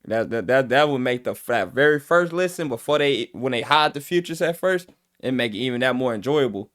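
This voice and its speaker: Animated man breaking down rap lyrics. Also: medium pitch, a little fast. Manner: animated, mimics teenagers' slang while explaining lyrics. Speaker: reaction video host; father and youth coach. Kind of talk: casual music reaction commentary.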